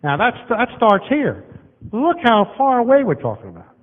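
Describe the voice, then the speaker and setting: A man, preaching a sermon as a guest speaker in a church auditorium, folksy and lively as he walks the room. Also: very high voice, moderate pace. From Southern United States. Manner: folksy, lively, walking and pointing across the room. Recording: dull, long-reverb hall recording.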